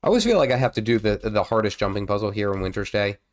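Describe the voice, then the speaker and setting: A man's voice: lowish voice, sing-song, rapid-fire. Congested man chatting through a game stream. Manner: rambling, chatty, exclaims at the game. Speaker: gaming streamer. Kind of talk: casual live gameplay commentary.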